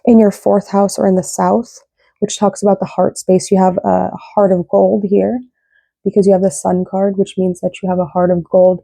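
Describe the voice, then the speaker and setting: A woman's voice: mid-range voice, flat delivery, moderate pace, creaky, mellow, dry recording. A young woman giving a casual, rambling tarot reading, often tagging her sentences with "right?". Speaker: tarot reader.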